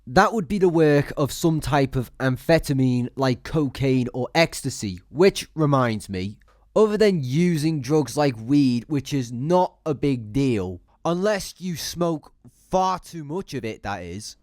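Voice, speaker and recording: A man's voice: mid-range voice, animated, measured pace, a little mellow, dry recording, clean studio sound. A man giving blunt, sarcastic commentary, swearing freely as he talks. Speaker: YouTube commentator. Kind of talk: opinionated commentary.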